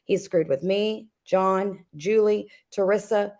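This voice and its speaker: A woman's voice: medium pitch, slow, darkish tone. Snarky woman commenting on drama. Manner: snarky, conversational, many fillers. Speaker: co-host. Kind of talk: casual commentary chat.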